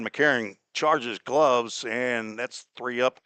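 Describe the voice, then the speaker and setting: A man from Cincinnati calling a baseball game play by play, chatty and folksy, drifting into small talk between pitches. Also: animated, unhurried, fairly bright tone, no echo. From Cincinnati, Ohio. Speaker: play-by-play announcer. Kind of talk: live baseball radio commentary.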